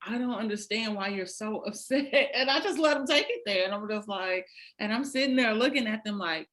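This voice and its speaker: A woman's voice: medium pitch, a little fast, fairly bright tone. A woman hosting a casual chat, laid-back and slangy, laughing easily. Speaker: podcast host.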